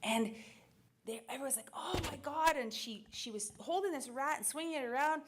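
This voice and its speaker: A woman's voice: sits high, fairly quick, a little hiss or hum. Laughing woman telling a family story. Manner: lively, laughing storyteller acting out quotes. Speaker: speaker. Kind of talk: storytelling keynote talk.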